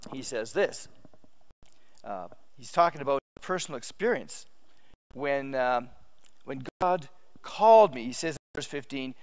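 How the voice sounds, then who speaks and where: Man, pastor, sermon, fairly high voice, animated, restarts often, dull lo-fi recording. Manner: animated storytelling with frequent restarts.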